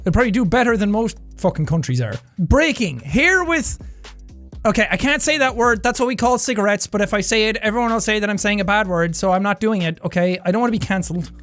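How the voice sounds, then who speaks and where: Irish accent, excitable, swears a lot, casual reaction commentary, faint background music. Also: medium pitch, fast. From Offaly, Ireland. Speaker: streamer reacting to memes.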